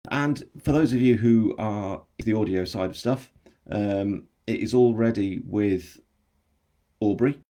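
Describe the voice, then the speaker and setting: A man's voice: on the low side, measured pace, warm tone. An English man with a general English accent, an author chatting casually on a live stream, rambling and self-deprecating as he answers viewer comments. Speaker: author hosting his book launch.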